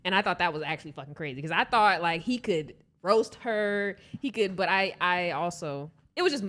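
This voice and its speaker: A young woman co-hosting a podcast in relaxed casual chat, trailing off mid-thought. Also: on the low side, normal speed. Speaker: podcast co-host.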